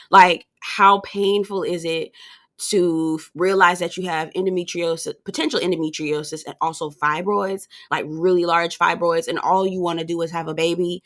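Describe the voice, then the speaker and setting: A woman reviewing a reality show in a casual, animated, gossipy way, talking straight to her viewers. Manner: animated and gossipy, acting out quoted people in a high voice.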